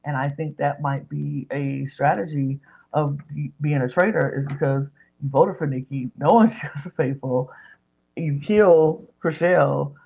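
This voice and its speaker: A woman's voice: sits low, unhurried, gravelly, husky, lo-fi sound. A woman hosting a podcast, retelling a reality show episode in casual chat and acting out what people said. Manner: animated retelling, acting out others' lines.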